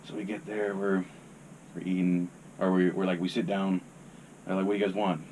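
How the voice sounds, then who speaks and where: A man's voice: low voice, flat delivery, normal speed, darkish tone, a little hiss or hum. A young man, a podcast guest, telling a rambling, laid-back story in casual chat and swearing freely.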